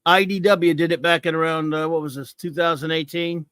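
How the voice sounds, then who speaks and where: A man's voice: a little high, little pitch movement, brisk, a bit bright, smooth, no echo, clean studio sound. A middle-aged American man hosting a comics talk show, ranting about a comic with mocking scorn. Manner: scornful, mocking, repetitive rants.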